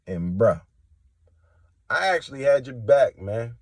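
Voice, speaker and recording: A man giving impassioned spoken testimony, preachy and confrontational, swinging from low and quiet to loud and high. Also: big pitch swings, measured pace, no room sound. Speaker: religious testimony vlogger.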